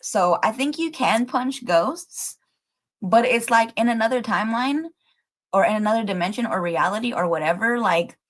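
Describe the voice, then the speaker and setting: A woman hosting a casual livestream, rambling excitedly with lots of fillers and the odd swear as she thinks aloud to her viewers. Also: on the high side, moderate pace. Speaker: livestream host.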